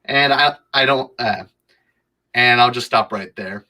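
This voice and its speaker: A man's voice: medium pitch, unhurried, pushed and bright, low-quality recording. A man on a casual podcast reading a plot summary aloud, nervously stumbling and restarting his sentences. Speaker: podcast co-host reading the synopsis.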